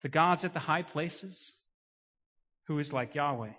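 A man preaching a sermon, swinging from quiet emphasis to loud, rising declarations. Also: fairly high pitch, measured pace, pauses often. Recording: muffled sound with long hall reverb.

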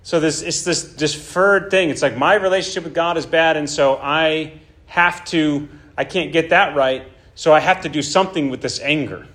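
A man's voice: a little high, normal speed, a bit bright. A man preaching a sermon in an emphatic way, often checking in with his listeners. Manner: emphatic, checks in with "right?" and "okay?".

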